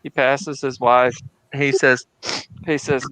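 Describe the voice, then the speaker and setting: A man on a livestream panel, telling dirty jokes in a halting way and often repeating his words. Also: medium pitch, level tone, a bit bright, low-quality recording. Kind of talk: casual joke-telling.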